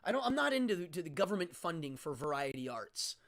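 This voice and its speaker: Blunt, middle-aged man, stage magician, hosting a talk show, casual storytelling, lively swinging pitch. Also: quick pace, vocal fry. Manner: blunt, animated, frank.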